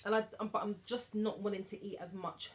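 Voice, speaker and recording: A woman's voice: mid-range voice, little pitch movement, a little fast. A woman, chatting casually through a shopping haul with giggly, emotional asides. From England. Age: 30s. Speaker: vlogger.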